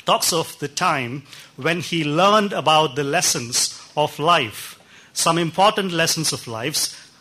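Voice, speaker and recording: A man delivering a sermon, his voice bright and ringing, sitting a touch higher than most men. He tells stories in a loose, conversational way, pausing often and filling gaps with small hesitations. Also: slightly rough. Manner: warm anecdotal storytelling with pauses and fillers. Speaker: pastor. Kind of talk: sermon storytelling.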